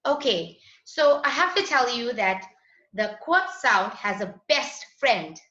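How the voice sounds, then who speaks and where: A woman's voice: on the high side, big pitch swings, slow pace, fairly bright tone. A woman teaching a children's phonics lesson in a patient, sing-song voice. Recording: echoey, dull lo-fi room sound.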